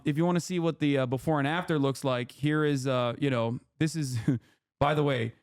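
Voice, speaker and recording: A male streamer explaining politics in a heated, animated, profane way. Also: fairly high pitch, normal speed, smooth.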